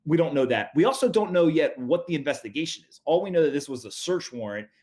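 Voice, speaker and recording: Quick, offhand male podcast co-host. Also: a little high, animated, a little mellow. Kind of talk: casual chat.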